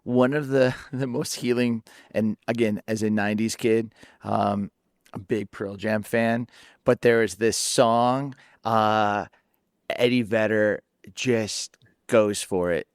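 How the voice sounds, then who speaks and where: Animated man host telling personal stories. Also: fairly low pitch, slow pace, smooth, dry recording, studio quality. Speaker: podcast host. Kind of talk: casual podcast conversation.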